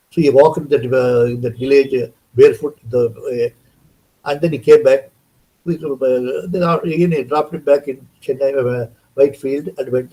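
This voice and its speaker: A man's voice: mid-range voice, dark tone, poor audio. An older man giving a rambling devotional talk, telling stories and acting out dialogue as he goes. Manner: rambling, repeats words and restarts, acts out quoted dialogue. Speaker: devotional speaker. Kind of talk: storytelling spiritual talk.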